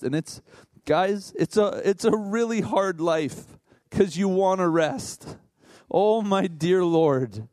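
A man who is a worship leader, preaching in a conversational, animated way with asides to the congregation. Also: on the high side, unhurried, no room sound. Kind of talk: sermon.

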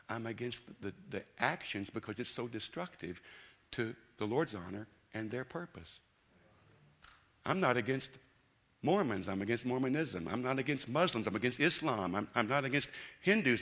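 A man preaching a sermon, emphatic, dropping to quiet intensity and rising to loud bursts. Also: medium pitch, creaky.

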